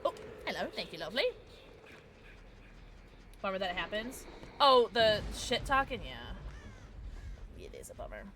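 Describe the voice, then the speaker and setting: A woman streaming a game and chatting casually with her viewers, excitable and quick to thank them. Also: mid-range voice, a little hiss or hum. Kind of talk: casual livestream chat while gaming.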